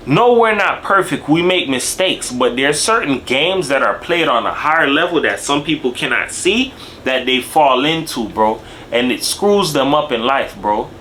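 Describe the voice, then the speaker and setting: A young man in casual reaction commentary, talking in animated street slang and tagging his lines with "bro" and "dog". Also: a little high, a little hiss or hum. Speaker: video commentator.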